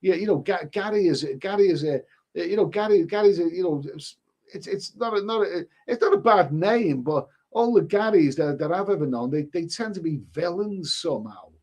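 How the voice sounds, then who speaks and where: A middle-aged man chats casually on a live stream, reacting to viewer comments. His voice sits a little high for a man. He rambles, repeats words and often restarts his sentences. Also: expressive, moderate pace, a little mellow.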